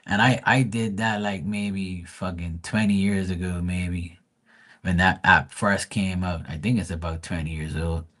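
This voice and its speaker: A man's voice: deep voice, steady tone, unhurried, fairly bright tone. A man hosting a live stream, telling rambling stories and ranting bluntly with a lot of swearing. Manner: profane, blunt, rambling storytelling. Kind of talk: casual ranting chat.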